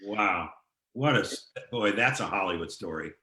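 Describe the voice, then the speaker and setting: A man hosting an interview, reacting briefly and asking halting questions. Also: fairly low pitch, animated, pushed and bright, roomy sound. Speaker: interview host. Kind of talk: conversational interview.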